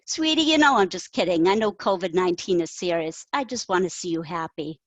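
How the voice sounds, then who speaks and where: A woman reading her own story aloud, voicing a blunt, teasing adult friend who gives advice in a brisk, emphatic way. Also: on the low side, animated, dry recording, dull audio.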